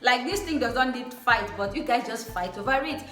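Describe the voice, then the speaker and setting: A young woman hosts her vlog with an effusive, repetitive way of talking. Her voice sits a little high. The room is echoey, and faint music plays behind her. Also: lively intonation, brisk. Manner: warm, effusive, repeats phrases for emphasis. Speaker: vlog host. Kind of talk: casual chat.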